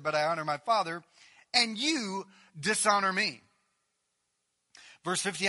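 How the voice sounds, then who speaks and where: Male preacher, high-pitched, brightly voiced, animated sermon delivery with rising emphasis. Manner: animated, reading scripture with rising emphasis and asides.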